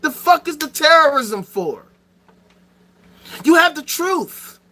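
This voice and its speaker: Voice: high-pitched, very animated, slow, pushed and bright. A streamer host ranting to the chat in a profane, sarcastic and emphatic way. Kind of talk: livestream rant to chat.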